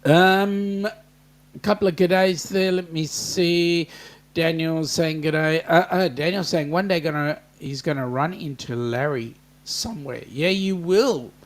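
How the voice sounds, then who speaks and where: A man's voice: fairly high pitch, takes it slowly. An Australian man co-hosting a casual livestream, reading out viewer greetings and teasing his co-host.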